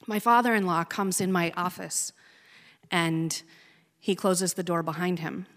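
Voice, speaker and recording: A woman's voice: fairly low pitch, a bit bright. Woman telling a story in a reverberant hall. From Oregon, USA. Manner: slow, measured, emotional telling. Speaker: speaker telling a personal story. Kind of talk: personal storytelling speech.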